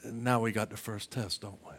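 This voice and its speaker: A male pastor preaching a sermon in church, shifting between loud emphatic passages and slow, quiet questions, often repeating words as he starts a phrase. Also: lowish voice, steady tone, breathy edge.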